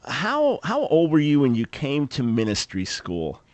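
A man's voice: medium pitch, huge pitch swings, measured pace, darkish tone, dry recording. An older man hosting a radio talk show, speaking emphatically and animatedly, often repeating words as he starts a thought. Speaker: radio host. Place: radio studio.

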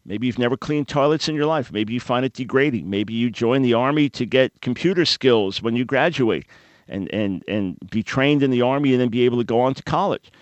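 A man's voice: medium pitch, brisk, no echo, muffled recording. A man hosting a call-in talk radio show, explaining points in a teaching, emphatic way with everyday analogies.

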